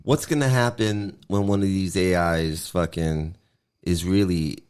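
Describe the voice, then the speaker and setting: Man, lowish voice, podcast co-host, casual, swears freely. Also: fairly even intonation, measured pace, a little mellow, smooth. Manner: loose, profane, musing. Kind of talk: casual chat.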